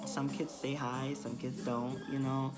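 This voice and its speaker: A woman bus driver tells stories in a casual vlog, speaking in a level tone at an unhurried pace over loud music. She's chatty, says "you know" a lot, and mimics the kids with high shrieks.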